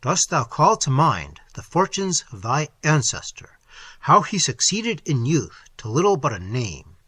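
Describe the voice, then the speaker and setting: A man reading an audiobook and voicing a mysterious foreign stranger who speaks in a solemn, prophetic, measured way. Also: fairly high pitch, big pitch swings, a bit bright, breathy edge, no room sound, full character voice. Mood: grave. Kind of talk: audiobook character voice.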